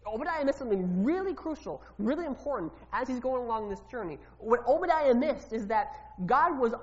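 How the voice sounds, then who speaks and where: A woman delivers a sermon in a relaxed, conversational manner. She poses questions to the congregation and often doubles back on her words. The recording is lo-fi and muffled, with a long reverb trailing off in a large hall. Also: on the high side, fairly quick. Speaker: preacher. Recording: reverberant hall, dull lo-fi sound.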